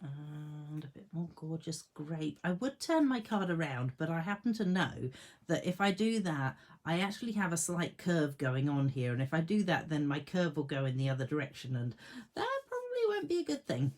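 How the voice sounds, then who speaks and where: A woman's voice: low voice, lively intonation, moderate pace. A woman demonstrating card making in a casual tutorial at her home craft desk, chatting to herself and her tools and laughing at her own jokes.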